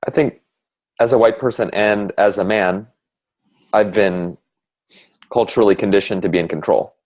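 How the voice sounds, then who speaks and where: A man in a casual heartfelt conversation, speaking reflectively and haltingly with many fillers. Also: fairly low pitch, darkish tone. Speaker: conversation partner sharing reflections.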